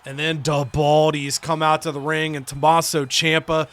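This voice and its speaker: A male let's play host recaps a wrestling management game in a loose, chatty way. He is animated and profane, with a slightly higher voice than most men. His mic sound is close and dry. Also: normal speed, few pauses, no echo, soft background music. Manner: animated and profane, acting out characters' quotes. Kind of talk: casual game recap commentary.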